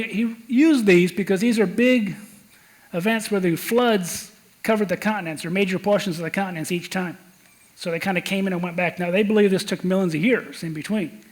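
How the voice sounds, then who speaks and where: Higher-voiced man with a Michigan accent. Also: poor audio. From Michigan, United States. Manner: conversational, explains slides, repeats words. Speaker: geologist giving a talk. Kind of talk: lecture presentation.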